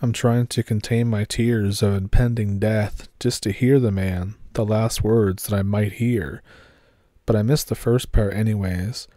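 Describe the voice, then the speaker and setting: A man narrating a horror story in a steady, measured way. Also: on the low side, dry recording, clean studio sound.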